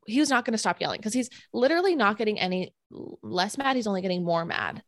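A woman telling a personal story in casual chat, animated and full of "like" fillers. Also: on the high side, brisk, no echo, clean studio sound. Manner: animated, filler-heavy retelling with many "like"s.

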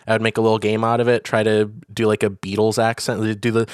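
A man's voice: lowish voice, flat delivery, quick pace, smooth, no echo. Man chatting, dry close sound. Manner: laughs often, quotes film lines in silly voices. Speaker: podcast co-host. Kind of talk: casual chat.

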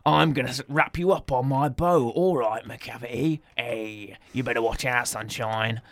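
A man's voice: medium pitch, fairly even intonation, normal speed, fairly bright tone, slight background noise, pitched below the performer's own voice, natural voice. A man voicing a menacing tough-guy male cat.

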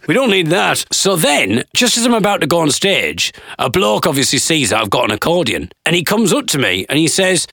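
A man, a stand-up comedian, retelling a gig in a casual, animated, laughing way. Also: on the high side, fast, vocal fry, no echo, studio quality. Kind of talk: casual vlog storytelling.

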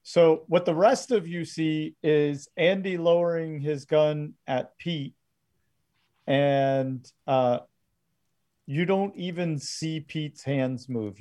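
A man narrating a tabletop game as game master, often pausing and restarting. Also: on the high side, a little mellow. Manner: halting, filler-heavy narration.

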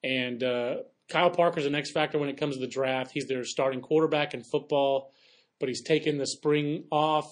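A man hosting a sports podcast, talking in a quick, chatty way with playful asides. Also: a little high, fairly even intonation. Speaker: podcast host. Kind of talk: casual sports chat.

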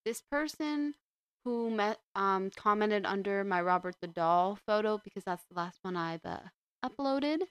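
A woman's voice: mid-range voice, animated, a little slow, a bit bright, smooth, dry recording. A young woman hosting a podcast, chatting casually and rambling with frequent restarts. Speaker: podcast host. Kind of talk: casual chat.

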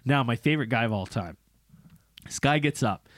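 A young man co-hosting a podcast, telling a story casually, swearing and mimicking people in squeaky voices. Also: lively intonation, normal speed, a bit bright, no room sound, studio quality. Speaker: podcast co-host.

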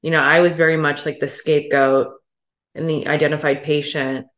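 A woman's voice: low voice, level tone, a little fast, fairly bright tone, reverberant. A woman podcast host, affirming and reflective as she responds to her guest. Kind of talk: conversational interview.

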